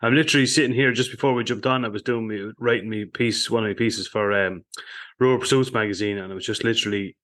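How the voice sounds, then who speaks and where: Laid-back Irish podcast host. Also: male voice, fairly low pitch, fast talker. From Ireland. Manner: relaxed, jokey, laughs often. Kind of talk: casual chat.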